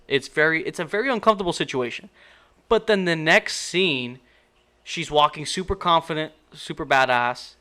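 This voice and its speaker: Bright-voiced man ranting about a movie. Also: fairly high pitch, clean tone. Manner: incredulous, exasperated, rambling with restarts. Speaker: movie reviewer. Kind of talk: casual spoken movie critique.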